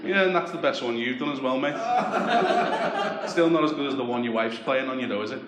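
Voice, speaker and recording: A man works the crowd in a stand-up set, brash and sweary with a mocking edge. His voice sits mid-range, and the sound is roomy, with clear noise from the crowd around him. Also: medium pitch, fairly quick. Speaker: stand-up comedian. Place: comedy club with a live audience. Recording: roomy club with audience noise.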